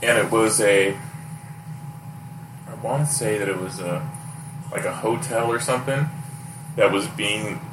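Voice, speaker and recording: A man's voice: on the low side, measured pace, pauses often. A man hosting a casual podcast, telling stories with lots of laughter and acted-out quotes. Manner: animated storyteller, laughs often, quotes people in raised voices. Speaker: podcast host. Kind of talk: casual chat and storytelling. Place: house, indoors. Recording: echoey room, mic far off, noisy background.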